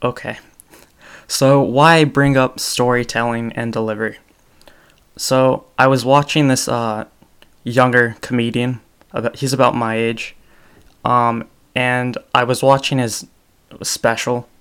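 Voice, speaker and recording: A young man hosts his own podcast, rambling casually about storytelling in a solo talk full of ums and restarts. His medium-pitched voice barely moves in pitch, with a measured pace and a smooth, slightly bright tone.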